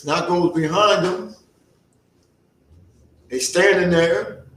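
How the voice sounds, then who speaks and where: A storyteller playing an earnest, plainspoken young farmhand turned soldier, spinning his tale in a folksy dialect. His voice sits fairly high and moves slowly, taking its time over each memory. It sounds roomy and a little distant from the mic. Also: a bit bright, slight background noise. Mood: reminiscing. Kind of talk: first-person historical storytelling in character.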